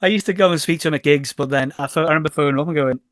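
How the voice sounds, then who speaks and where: Here the Liverpool DJ and label owner talks rapid-fire in a voice on the high side, recorded with no room sound. As a guest in a relaxed podcast interview, the middle-aged man with a Scouse accent tells stories animatedly, acting out conversations, repeating words and correcting himself as he rambles along.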